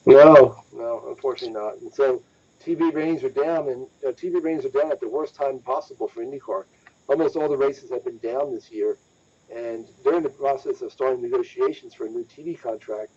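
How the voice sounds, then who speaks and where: A man's voice: mid-range voice, a little fast, mellow, slightly rough. Emphatic man on a lo-fi podcast. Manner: emphatic, repeats himself for stress. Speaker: motorsports news podcast host. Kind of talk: casual discussion podcast. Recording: dull lo-fi audio.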